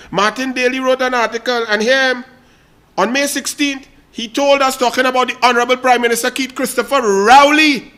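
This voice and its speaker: A man's voice: very high-pitched, bright, forceful tone. A man with a Trinidadian accent hosting a political talk show, delivering a fiery, mocking commentary monologue straight to his listeners.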